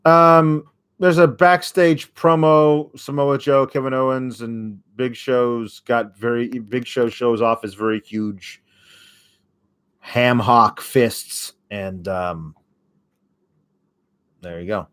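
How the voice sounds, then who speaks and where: A man's voice: medium pitch, fairly even intonation, slow pace, fairly bright tone, clear, resonant tone. A man hosting a casual solo recap show, rambling and sarcastic, with frequent fillers and swearing when annoyed. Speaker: host.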